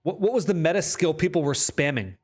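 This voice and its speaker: Excitable swearing man streaming a game. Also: fairly high pitch, a little fast. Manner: excitable, swears freely, reads patch notes aloud to chat. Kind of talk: casual live-stream chat.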